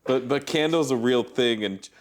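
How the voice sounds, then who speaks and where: A man co-hosting a podcast in casual chat, soft-spoken and agreeable, often chiming in with affirmations. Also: medium pitch, moderate pace. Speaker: podcast co-host.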